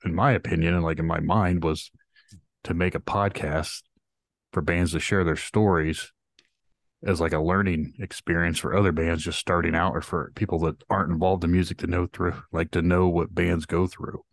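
A deep-voiced man co-hosting a casual podcast, speaking in an earnest, drawling way as he rants. His low voice sounds close and dry, with no room around it. He keeps it loose and conversational. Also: flat delivery, normal speed, no echo. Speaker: podcast co-host.

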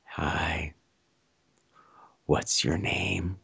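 Guy doing a creepy husky whisper, low and leering, taunting scare actor. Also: fairly even intonation, drawn-out words, bright, forceful tone, no room sound, exaggerated voice. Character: husky menacing male haunted-house performer.

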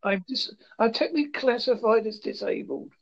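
Polite British man, high gravelly voice. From United Kingdom. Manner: halting, polite, repeats words. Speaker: chat partner. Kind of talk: casual chat. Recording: muffled lo-fi audio.

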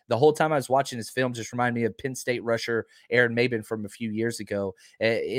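A man's voice: mid-range voice, a bit bright, dry recording, clean studio sound. A man hosting a live show, chatting casually and emphatically while reading out viewer comments. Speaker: podcast host. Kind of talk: casual live-stream chat.

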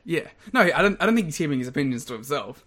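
A young man co-hosting a podcast in casual banter, laughing often and throwing in quick asides. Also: a little high, sing-song, a bit bright. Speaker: podcast co-host.

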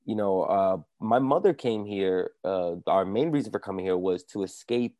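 A man with a very low voice talks earnestly in a casual podcast chat. He is from the Dominican Republic and tells personal stories plainly. The sound is close and dry, with no room around it. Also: moderate pace, warm tone, no echo. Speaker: comedian guest. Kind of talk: casual conversation.

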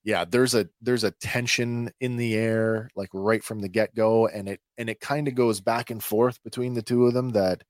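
Male podcast host, lowish voice, dry close sound, halting casual recap full of fillers. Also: fairly even intonation, no echo. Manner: hesitant, many filler sounds, chatty.

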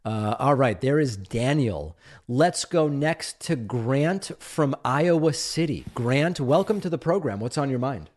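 A man hosting a political talk show, reading an ad and taking listener calls in a brisk, friendly way. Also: mid-range voice, expressive, darkish tone. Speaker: host.

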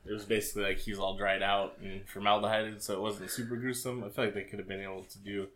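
A man's voice: lowish voice, little pitch movement, fast talker, fairly bright tone. A man co-hosting a podcast in casual chat, rambling with crude, jokey banter. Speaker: podcast co-host.

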